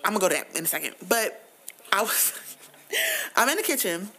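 A woman in her thirties chatting casually, telling animated stories with plenty of swearing. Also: medium pitch, fairly quick. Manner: animated storytelling, frequent swearing. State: tearful. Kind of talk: casual chat.

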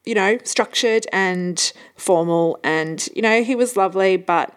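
A woman's voice: medium pitch, a little slow, clean tone. A woman hosting her own podcast, telling stories in a casual, chatty way and laughing often. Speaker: podcast host. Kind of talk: casual solo podcast chat.

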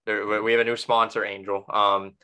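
A man's voice: fairly low pitch, little pitch movement, brisk, bright, forceful tone, smooth. A young man hosting a podcast, chatting casually and telling a rambling story full of restarts and self-corrections. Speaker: podcast host.

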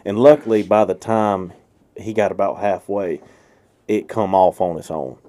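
A man's voice: deep voice, moderate pace, warm tone. A man, co-hosting a podcast and telling a fishing story in a casual, laughing, profane way. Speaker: podcast co-host.

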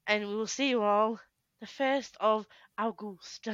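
A woman's voice: medium pitch, steady tone, a bit bright, clean tone, no echo, dull audio. A young woman, co-hosting a casual podcast chat on a headset mic, laughing often and restarting her sentences. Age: young adult. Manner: giggly, talks in quick bursts with restarts. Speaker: podcast co-host.

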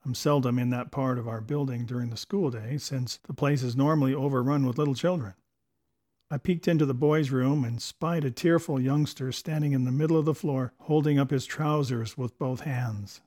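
A man's voice: mid-range voice, steady tone, moderate pace, mellow. A man reading a short devotional essay aloud for a story podcast, with a storytelling delivery. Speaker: podcast host and reader.

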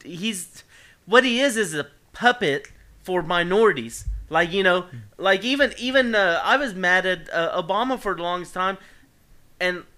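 High bright-voiced man, joking around. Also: normal speed. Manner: animated, joking, rambling. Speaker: podcast co-host. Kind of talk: casual chat.

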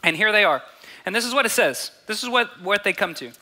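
Young man, preacher, very bright tone, lively delivery, repeats phrases, acts out voices. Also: high voice, fairly quick. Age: 20s to 30s. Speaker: pastor. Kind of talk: sermon.

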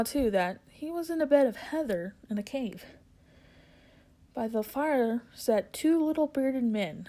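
A woman reading a children's fantasy novel aloud in a soft, often whispery voice. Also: on the high side, poor audio. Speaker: reader. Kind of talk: audiobook reading.

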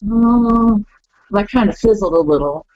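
Female podcast guest, lo-fi call-in sound, animated storyteller who does voices. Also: mid-range voice, a little slow, no room sound. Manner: animated, acts out quotes in funny voices. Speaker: wrestler guest. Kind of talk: casual podcast chat. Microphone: call-in line.

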